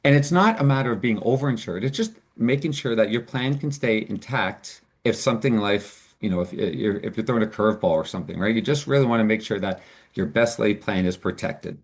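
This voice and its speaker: A man's voice: lowish voice, animated, brisk. A man presenting as a financial advisor in a webinar, explaining options in an earnest, upbeat way.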